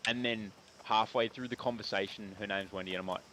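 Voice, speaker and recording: A man's voice: lowish voice, fairly even intonation, a little fast, sharp tone. A young Australian man casually telling a rambling story, swearing often and filling his talk with "like". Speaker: streamer. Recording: noisy stream audio.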